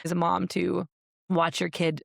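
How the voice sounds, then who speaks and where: A woman's voice: on the low side, level tone, a little slow, vocal fry, no room sound, clean studio sound. A woman in her thirties co-hosting a podcast, talking earnestly and frankly in a casual chat, often using "like" as a filler. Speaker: podcast co-host. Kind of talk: candid conversational chat.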